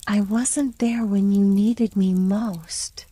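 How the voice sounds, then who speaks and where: A frightened young woman, weighed down by guilt, whispers softly and slowly, as a woman plays her. The tone is mellow and dark, in whispered role-play for a bedtime story. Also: mid-range voice, steady tone, dry recording. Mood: fearful.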